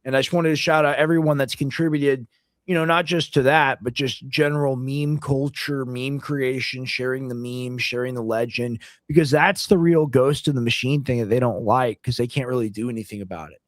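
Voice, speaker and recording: A man's voice: mid-range voice, steady tone, moderate pace, no echo, clean studio sound. A man co-hosting a casual livestream chat, rambling and leaning hard on "like" as filler. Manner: rambling, heavy use of "like" fillers. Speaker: co-host.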